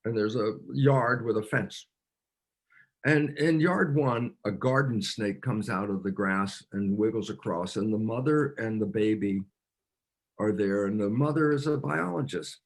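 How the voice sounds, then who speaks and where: A man, a cell biologist, explaining ideas in an interview as an animated storyteller, with frequent restarts and filler words. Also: on the low side, a little slow.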